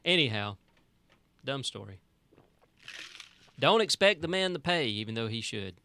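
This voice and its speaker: A man's voice: mid-range voice, animated, measured pace, sharp tone. A man co-hosting a casual podcast chat, with dry sarcastic remarks. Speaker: podcast co-host.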